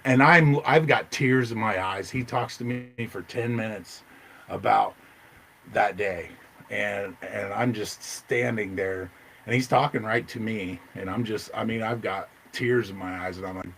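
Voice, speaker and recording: Excitable storytelling man, faint hiss. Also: measured pace, vocal fry, rough recording. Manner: excited, rambling, jumps into loud high quoted voices. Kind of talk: casual storytelling.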